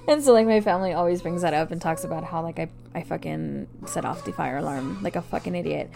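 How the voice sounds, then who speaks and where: A woman's voice: lowish voice, brisk, vocal fry. A young woman telling a casual story to her viewers, swearing freely and acting out voices and sounds. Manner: animated, swearing, acts out voices and alarm beeps. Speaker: vlogger.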